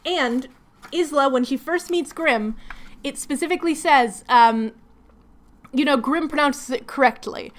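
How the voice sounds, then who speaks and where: A woman's voice: sits high, unhurried. A woman chatting casually while doing crafts at home, rambling and laughing often. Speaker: craft vlogger hosting a hangout.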